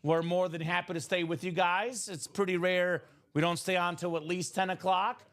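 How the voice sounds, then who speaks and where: A man hosting a live card-break stream, chatting casually and pitching breaks with lots of filler words. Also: little pitch movement, normal speed, fairly bright tone. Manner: upbeat, chatty, salesy, many "uh" fillers. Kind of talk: casual sales chat on a livestream.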